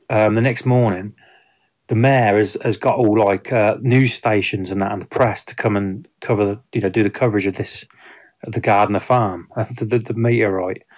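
A man giving a casual spoken film review, rambling with many fillers and restarts. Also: mid-range voice.

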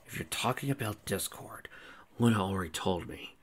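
A man's voice: low-pitched, moderate pace. A man voicing a joking, tender adult man who speaks in a dry, wisecracking way. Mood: wry.

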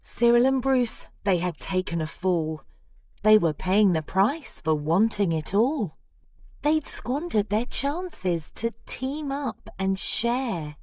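A woman reads a rhyming children's storybook aloud, unhurried and very slow, her pitch leaping up and down as she dramatizes each line. The sound is close and dry, with no room around it. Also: no room sound. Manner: lively, expressive rhyming narration. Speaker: storybook reader.

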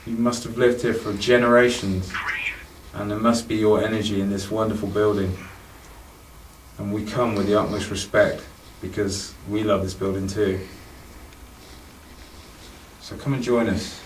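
A man's voice: on the low side, little pitch movement, normal speed, pauses often. A man calling out to spirits during a paranormal investigation in an old castle, coaxing and respectful. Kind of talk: ghost-hunt calling out. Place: old castle ruin at night. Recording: echoey stone room from far off, faint noise.

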